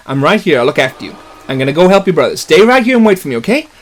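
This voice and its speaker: A man voicing a calm, protective paleontologist who gives reassuring instructions. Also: a little high, racing. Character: steady male paleontologist, protective. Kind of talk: comedic script reading.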